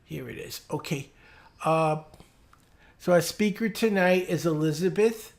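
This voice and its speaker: A woman's voice: lowish voice, measured pace, a little mellow. A woman leading a small club's business meeting over a video call, talking informally and hesitantly as she checks her calendar aloud. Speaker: club meeting leader.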